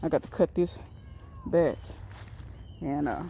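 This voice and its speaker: A woman's voice: deep voice, takes it slowly, creaky, dark tone, slightly rough. A woman giving a casual, rambling tour of her backyard garden and greenhouse, talking straight to her viewers in a folksy way while filming on a handheld phone. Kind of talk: casual walk-and-talk tour.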